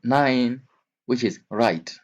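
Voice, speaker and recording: A man with a medium-pitched voice teaches English vocabulary to learners, speaking slowly and repeating each word and example several times.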